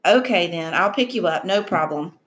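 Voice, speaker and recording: A woman's voice: lowish voice, expressive, moderate pace, a bit bright. A woman voicing a protective middle-aged mother who speaks in an anxious, apologetic way. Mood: decisive.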